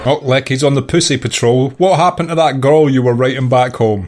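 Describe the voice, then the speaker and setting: A man's voice: mid-range voice, fairly quick, noisy background. A young Scottish man hosting a reaction video, joking and swearing freely in casual commentary. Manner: joking, profane.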